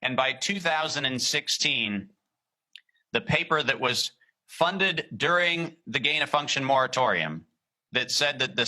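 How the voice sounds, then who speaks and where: A man gives emphatic, deliberate interview answers in a very bright, ringing voice. He slows down for key points and reads quotations with care. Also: medium pitch, rough recording. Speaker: guest.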